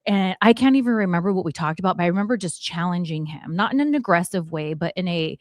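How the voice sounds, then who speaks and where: A woman in her forties hosting a talk show, telling a story in a lively way and acting out what people said. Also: lowish voice, fast, hardly any pauses, no room sound, studio quality. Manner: animated, acts out quotes, swears it is true. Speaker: podcast host. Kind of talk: storytelling chat.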